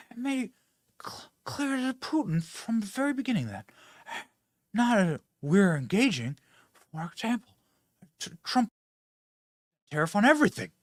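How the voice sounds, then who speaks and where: A man doing an impression of a rambling, confused elderly male politician with halting, jumbled speech. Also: extremely high pitch, big pitch swings, dry recording, studio quality, voice pushed up, exaggerated voice.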